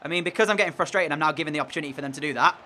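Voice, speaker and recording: Bright-voiced man commentating gameplay. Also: on the high side, racing, slight background noise. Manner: frustrated, groans and shouts at mistakes. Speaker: gaming commentator.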